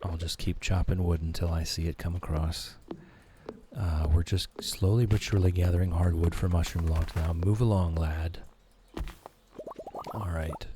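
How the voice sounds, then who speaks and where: A man giving slow, soothing, soft-spoken commentary while playing a game for sleepy viewers. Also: low voice, level tone, background noise. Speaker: streamer. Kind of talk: calm gameplay commentary for sleep. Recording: background music.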